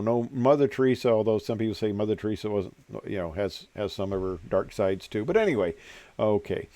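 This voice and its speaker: A man's voice: on the low side, mellow, no room sound. An older man, a retired airline pilot, telling stories in a casual, rambling way with many fillers and dry jokes. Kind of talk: casual storytelling.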